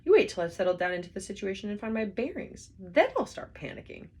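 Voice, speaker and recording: A woman voicing a panicky, indignant young Englishman with shrill, flustered protests in a storybook reading. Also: animated, fast talker, a little mellow, natural voice.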